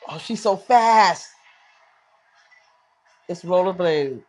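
Excitable, swearing movie-reaction podcaster. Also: mid-range voice, slow. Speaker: podcast host. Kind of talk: casual live movie reaction commentary.

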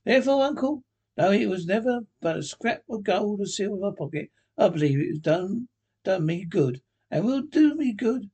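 A man voicing a cheerful, earnest young man in a storybook reading, warm-hearted and pleading, with a husky voice. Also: sits high, animated, normal speed, voice pushed up, heavily acted.

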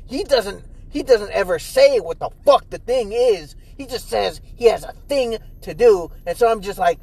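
A young man hosting a casual solo podcast from inside his car, rambling and swearing with animated, profane energy. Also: measured pace, poor audio. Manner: animated, profane, jumps into loud high mimicry. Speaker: podcast host.

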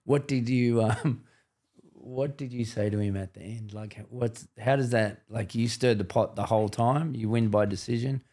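A man's voice: mid-range voice, steady tone, moderate pace, darkish tone. A man hosting an interview podcast, asking casual questions and encouraging his guest with frequent agreement. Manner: encouraging, many "yeah" backchannels. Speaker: podcast host.

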